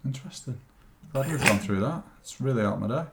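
A man's voice: mid-range voice, expressive, fairly quick, vocal fry, very noisy. A man co-hosting a casual podcast, joking and teasing and rambling with lots of "like"s. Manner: jokey, teasing, rambling with many "like"s. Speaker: podcast co-host, weight-loss coach.

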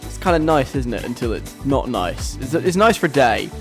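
A radio host in casual, animated chat, telling a story and acting out the voices of people overheard. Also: mid-range voice, normal speed, over music. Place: radio studio.

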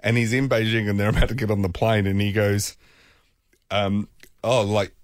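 A man telling a long anecdote on a talk show, animated and laughing often. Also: lowish voice, moderate pace, no echo, clean studio sound. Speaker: podcast guest. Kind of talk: casual storytelling chat.

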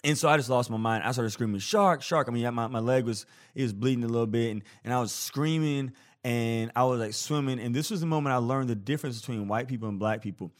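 A man in a podcast host's chair, spinning a personal tale in casual storytelling mode. He talks in a lively, playful way, acting out moments with plenty of self-deprecating humor. His pitch sits mid-range for a man. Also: quick pace, few pauses. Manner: animated, playful storyteller who acts out scenes. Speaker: podcast host.

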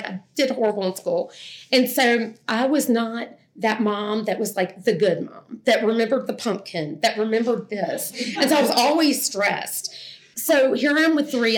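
A middle-aged woman tells her own story to a listening crowd, rambling and chatty. She talks in a fairly high voice, full of restarts and filler words, and pokes fun at herself as she goes. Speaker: speaker sharing a personal testimony. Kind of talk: personal testimony told to an audience.

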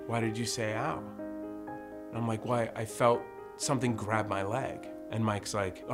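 A man hosting a podcast, telling a spooky story in an animated way and acting out his friends' lines. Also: lowish voice. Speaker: podcast host. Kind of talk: storytelling, recounting a spooky experience.

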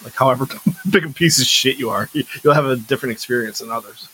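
A man's voice: medium pitch, fast, pushed and bright, breathy edge, poor audio. A man co-hosting a podcast in casual chat about films, joking and acting out quoted lines. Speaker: podcast co-host.

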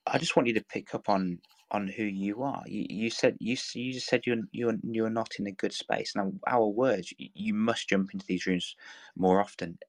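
A man talks warmly in an encouraging, motivational way, repeating phrases and restarting as he presses a point. His voice sits low. The sound is dry and close, with no room around it. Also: fairly even intonation, normal speed, no echo. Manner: earnest, repetitive, coaxing, full of restarts. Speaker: live audio room speaker.

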